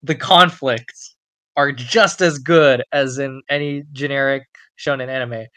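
A podcast co-host in casual chat, comic and profane, acting out scenes with loud bursts. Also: mid-range voice, steady tone, unhurried, dry recording.

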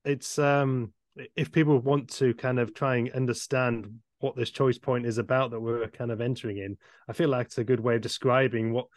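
A man on a podcast, speaking in a reflective, halting way with small chuckles. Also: medium pitch, steady tone, dry recording, clean studio sound. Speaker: podcast co-host. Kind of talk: casual podcast chat.

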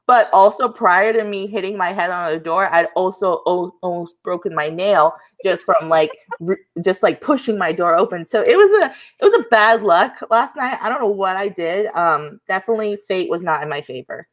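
A young woman co-hosts a casual podcast and speaks at a mid-range pitch. She tells her story in a relaxed way and fills it with frequent ums. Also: moderate pace, few pauses. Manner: laid-back storyteller, filler-heavy. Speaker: podcast co-host. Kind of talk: casual chat.

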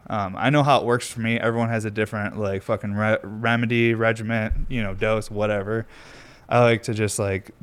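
A man's voice: lowish voice, level tone, fairly quick, fairly bright tone, clear, resonant tone. A young man telling a rambling, laid-back story in casual chat, swearing freely and filling his talk with "like". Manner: rambling, loose, laid-back, swears a lot, heavy use of "like". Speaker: vlogger. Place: at home near a garage, windy outside.

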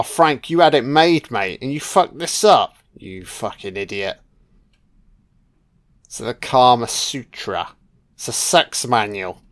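A man talks through a film in a relaxed, unhurried way, sprinkling in swear words and filler as he goes. His voice is smooth and clear at a middling pitch. The sound is close and dry, with no room around it. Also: no echo. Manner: laid-back and profane, full of "you know". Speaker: film commentator. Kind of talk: casual film commentary.

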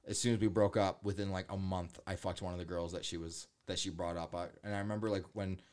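A man telling animated stories in casual chat, mimicking voices in quotes and swearing often. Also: deep voice, fast talker, clear, resonant tone.

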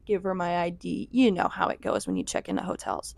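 A woman's voice: on the low side, fairly even intonation, fairly quick, creaky, a little mellow, dry recording. A young woman telling a rambling vlog story in a chatty, casual way, full of "like". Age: young adult. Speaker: vlogger.

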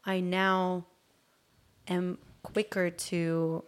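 A woman, a podcast guest from Turkey, telling a story in casual chat, animated and acting out moments. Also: fairly low pitch, extremely slow, smooth. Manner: animated storyteller, acts out her own shouts.

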